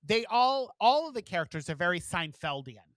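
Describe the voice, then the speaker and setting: A man's voice: high voice, sing-song, normal speed, a bit bright, no room sound. A man co-hosting a casual podcast, chatting loosely and swearing freely as he recaps a show. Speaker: podcast co-host. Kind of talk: casual chat.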